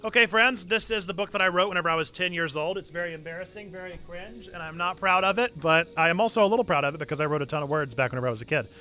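A man's voice: sits high, racing, few pauses, pushed and bright. A man hosting a livestream, chatting casually and reading aloud to his audience with self-mocking humor. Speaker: livestream host. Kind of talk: casual game stream chat. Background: game music.

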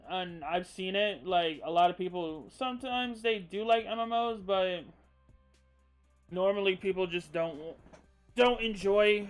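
A man's voice: high-pitched, clean tone. A man streaming live and chatting casually with viewers, rambling and swearing freely, a bit loopy after a sneezing fit.

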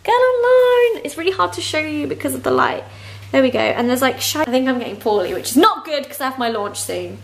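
Giggly vlogger woman in her twenties, high, animated delivery, noisy handheld audio. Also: quick pace, vocal fry. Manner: giggly, bubbly, chatty. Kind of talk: casual vlog chat.

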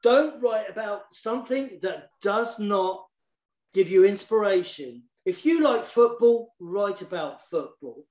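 In an online session, this male children's poet and author talks at a measured pace in a high, animated voice, with a roomy sound around him. Warm and enthusiastic, he chats casually and keeps repeating words while he hunts for the right ones.

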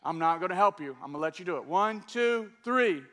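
Before a church congregation, a pastor with a high, bright, powerful voice delivers a teaching sermon at a fairly quick, animated clip. He keeps drawing the room in, prompting them to answer back and participate.

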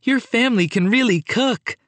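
A man reading an audiobook, voicing an eager, kind young girl in a raised, bright tone. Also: very high voice, normal speed, no room sound, voice pushed up.

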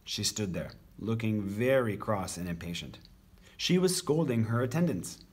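Teacher guy reading a kids book out loud, husky, goes up and down a lot. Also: on the low side, normal speed. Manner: expressive, animated storytelling. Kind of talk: picture-book read-aloud.

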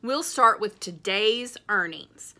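A woman reading as a runty, stubborn little girl with a smug, defiant edge. Her tone is bright and sharp in a read-aloud storybook, quick to argue and boast. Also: medium pitch, lively intonation. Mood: scheming. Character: small, plucky little sister, smart and stubborn.

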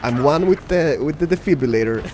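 A man's voice: fairly high pitch, lively intonation, a little fast, a little mellow, a little hiss or hum. A young man goofing around and calling out action while playing an online shooter with a friend. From Sweden. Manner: playful, goofy, calls out the action. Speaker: gaming guest. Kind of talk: casual gameplay chat.

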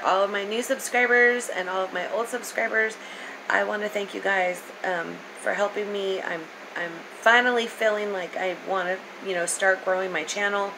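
Halting woman vlogger, slightly stuffy. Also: medium pitch. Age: 40s. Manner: halting, many ums and pauses. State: slightly stuffy from a sinus infection. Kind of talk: casual chat to camera. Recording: steady background noise.

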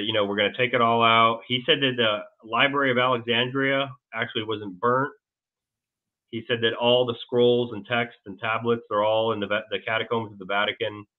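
A man being interviewed as a guest, telling a long story in a rambling, halting way with many restarts. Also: mid-range voice. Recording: tinny phone-like line.

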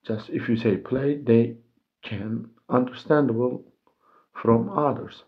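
Slow man drilling vocabulary. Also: mid-range voice, steady tone, lo-fi sound. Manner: repeats each word and example sentence. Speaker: English teacher.

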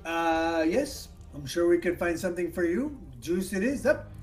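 A man running a tabletop game as dungeon master, his voice sitting a bit on the high side. He narrates theatrically and drops low for the eerie parts. He often stops and restarts mid-phrase. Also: animated, moderate pace, soft background music.

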